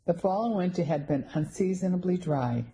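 A woman narrating a first-person story in a steady, scripted storytelling delivery. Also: lowish voice, normal speed, rough recording. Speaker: audiobook narrator.

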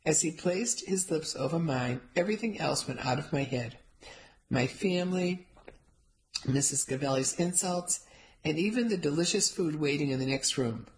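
A reader narrating a first-person novel in an even storytelling manner. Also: medium pitch, moderate pace, low-quality recording. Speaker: audiobook narrator.

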